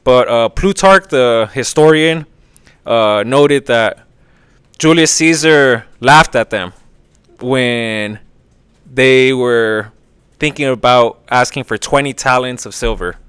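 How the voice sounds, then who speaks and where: Man, podcast host, casual profane storytelling, smooth clear voice, dry close sound. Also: mid-range voice, slow, fairly bright tone, dry recording. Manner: profane, rambling, lots of filler.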